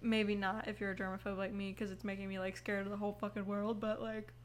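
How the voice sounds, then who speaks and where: A woman's voice: medium pitch, level tone, quick pace, a little hiss or hum. Yawning, rambling young woman chatting. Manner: rambling, lots of "like", yawning, swears casually. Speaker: podcast host. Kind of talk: casual chat. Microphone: headphones on, recording mic.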